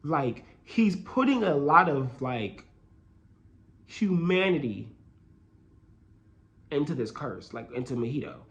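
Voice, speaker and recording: Excitable young man talking slangy commentary. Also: slow, long pauses. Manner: excitable, slangy, trails off into low murmurs. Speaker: anime and manga commentator. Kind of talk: casual video commentary.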